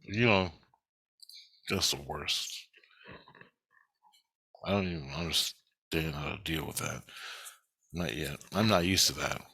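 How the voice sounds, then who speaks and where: A man's voice: very deep voice, slow, vocal fry, pauses often, pushed and bright, slightly rough, no echo. A man rambling through a personal story in the first person, swearing freely and often restarting his sentences. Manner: profane, restless, with frequent restarts and self-corrections. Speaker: vlogger recounting personal spiritual experiences.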